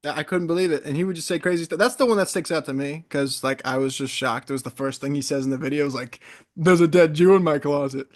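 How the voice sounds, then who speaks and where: A young man in casual podcast chat, an animated storyteller who wanders into tangents. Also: a little high, fast, hardly any pauses. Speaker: podcast co-host.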